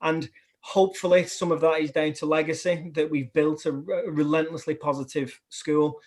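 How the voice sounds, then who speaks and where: A man's voice: on the high side, level tone, moderate pace, darkish tone. A man with a northern English accent, a primary head teacher speaking on a webinar panel in an upbeat, emphatic way. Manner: upbeat, emphatic, repeats words when starting a thought. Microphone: remote video call.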